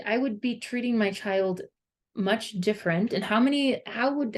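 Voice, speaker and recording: Female parenting vlogger, casual earnest monologue, medium pitch, chatty filler words. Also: a little mellow. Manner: earnest, conversational, heavy use of "like".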